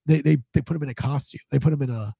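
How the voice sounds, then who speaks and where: A man's voice: medium pitch, very fast, gravelly, mellow, slightly rough, no echo. A man hosting a casual news commentary show with a stuffed-up head cold, rambling with many fillers and restarts. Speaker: host.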